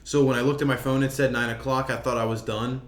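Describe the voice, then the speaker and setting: A young man co-hosting a casual podcast, animated and profane, laughing through his own stories. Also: medium pitch, quick pace. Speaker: podcast co-host. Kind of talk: casual chat. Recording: echoey room with faint noise.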